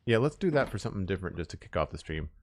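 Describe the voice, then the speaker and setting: A man's voice: low-pitched, racing, background noise. A man streaming a building game, chatting casually with his viewers while he works. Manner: relaxed, chatty, talks to chat while building. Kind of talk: casual live-stream chat while playing.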